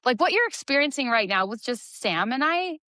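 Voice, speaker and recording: A woman in her forties co-hosting a podcast, emphatic and quick with asides in casual chat. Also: high voice, big pitch swings, sharp tone, no room sound, clean studio sound. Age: 40s. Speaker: podcast co-host, personal trainer.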